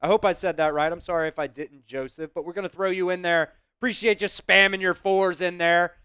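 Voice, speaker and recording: A man hosting a live stream, chatting with viewers and shouting excited play-by-play football calls. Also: high voice, brisk, few pauses, smooth, no room sound.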